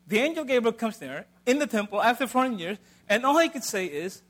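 A middle-aged man preaching a sermon in a conversational way, swinging between loud emphasis and soft asides. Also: extremely high pitch, big pitch swings, fairly quick, hardly any pauses.

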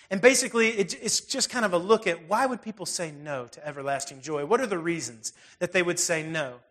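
A man with a notably high voice preaches a sermon in an easygoing, conversational manner. He talks plainly and earnestly, like a pastor speaking straight to his congregation. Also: animated, brisk, hardly any pauses, fairly bright tone.

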